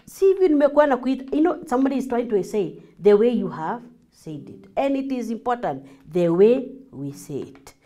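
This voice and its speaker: A woman with a Kenyan accent teaching a class as a marriage coach, acting out lively examples and slipping in Swahili. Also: fairly high pitch, a little fast. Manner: animated, acts out examples, mixes in Swahili.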